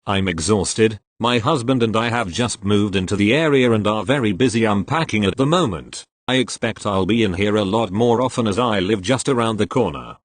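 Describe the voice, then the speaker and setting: A man voicing a tired woman customer in a read-aloud story, delivered in a flat, even way. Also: on the low side, moderate pace, few pauses, no room sound, natural voice.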